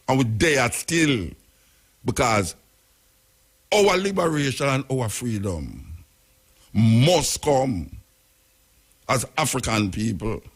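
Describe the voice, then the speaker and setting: A man's voice: mid-range voice, slightly rough. A man with a Jamaican accent hosting a radio talk show, giving spoken commentary in patois with rhetorical questions and repetition.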